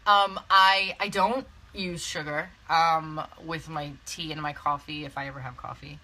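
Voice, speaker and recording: A woman's voice: low-pitched, steady tone, a little slow, sharp tone, a little hiss or hum, rough recording. Chatty woman on a live video. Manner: chatty, laughs often, many fillers and restarts. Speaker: network marketing coach hosting a live video. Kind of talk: casual live-stream chat. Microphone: phone or webcam on a live video.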